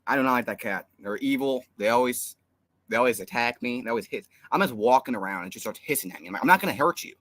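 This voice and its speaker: A man's voice: mid-range voice, lively intonation, fast, a bit bright, no echo. A young man co-hosting a fan live stream, rambling through an exasperated story with lots of fillers. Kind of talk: casual live stream chat.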